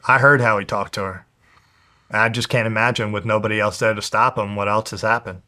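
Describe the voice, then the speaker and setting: A man's voice: fairly low pitch, fairly quick. Swearing young man telling a story. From New Jersey, USA. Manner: heavy swearing, animated retelling with quoted voices. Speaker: guest, pro fighter. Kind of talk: candid storytelling.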